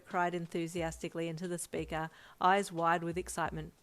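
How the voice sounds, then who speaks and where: A woman narrating a second-person fanfic story in an expressive, lively manner. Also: on the low side, a little fast.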